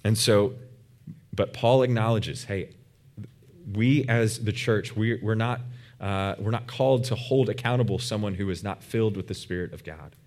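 A man's voice: fairly low pitch, a little mellow. A man preaching a sermon as a pastor, earnest and emphatic, with frequent fillers and restarts.

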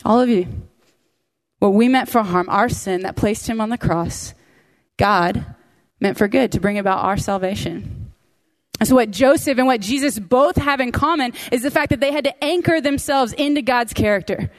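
Woman preaching, fairly high voice, casual sermon, emphatic repetition, chatty asides. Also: moderate pace. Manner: emphatic, repeats key phrases. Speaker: Bible teacher. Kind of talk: conversational sermon.

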